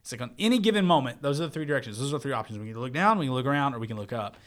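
Rambling, animated man telling a story. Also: mid-range voice, racing. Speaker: church media worker. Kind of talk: casual storytelling chat.

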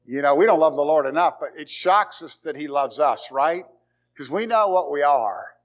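A pastor preaching a conversational sermon in church, with dramatic pauses and repeated phrases. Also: male voice, a little high, expressive. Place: church sanctuary.

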